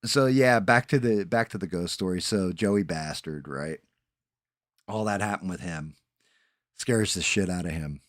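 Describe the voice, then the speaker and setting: New man in his forties, very low voice, dry close sound, rambling profane storyteller. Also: unhurried, dry recording. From New Jersey. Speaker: streamer host. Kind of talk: casual storytelling chat.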